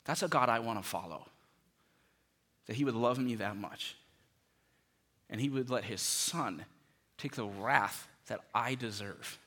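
A man preaching a sermon as pastor, pleading with his listeners and dropping from loud bursts to hushed tones. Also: mid-range voice, unhurried, pauses often.

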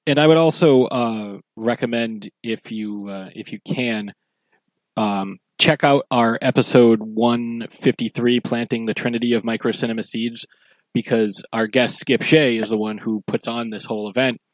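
Relaxed man hosting a horror podcast. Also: medium pitch, moderate pace, no room sound. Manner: relaxed, filler-heavy with frequent "uh". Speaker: podcast co-host. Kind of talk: casual podcast chat.

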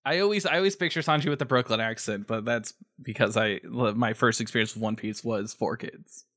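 A man's voice: mid-range voice, a little fast, fairly bright tone. A man co-hosting a podcast, chatting casually and enthusiastically, swearing now and then. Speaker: podcast co-host. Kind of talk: casual chat.

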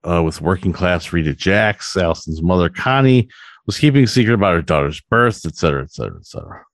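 A man's voice: sits low, expressive, fast, no room sound, clean studio sound. A man co-hosting a podcast in casual chat, rambling and full of fillers. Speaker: podcast co-host.

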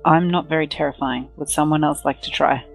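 A woman's voice: deep voice, steady tone, a little fast, vocal fry, faint music behind. A woman player in a tabletop game, earnest and stammering as she speaks in character. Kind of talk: tabletop role-play.

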